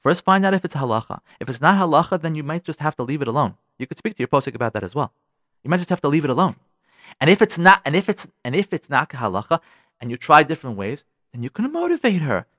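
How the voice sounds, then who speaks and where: A man's voice: on the high side, fairly bright tone, no echo, clean studio sound. A man hosting a radio advice show, talking frankly and getting worked up as he addresses listeners directly. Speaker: radio show host giving marriage advice. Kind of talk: animated advice talk.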